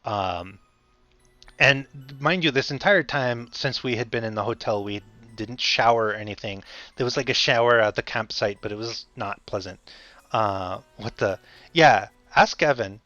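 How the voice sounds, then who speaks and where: A man's voice: medium pitch, normal speed, bright, forceful tone, no echo. Rambling man telling a story on stream. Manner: rambling, self-correcting, chuckling. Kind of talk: casual livestream storytelling. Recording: slightly dull audio, faint music. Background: faint music.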